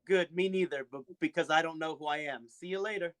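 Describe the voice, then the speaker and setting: High-voiced joking man player. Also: fairly quick, fairly bright tone, no echo. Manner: joking, playful. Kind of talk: tabletop role-play banter.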